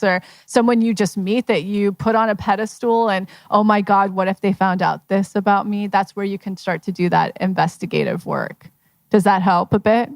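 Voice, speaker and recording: A woman's voice: medium pitch, normal speed, no echo. A woman manifestation coach talking casually to a live audience, telling stories in a chatty way full of fillers. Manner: chatty, filler-heavy, storytelling. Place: live event at a members' club.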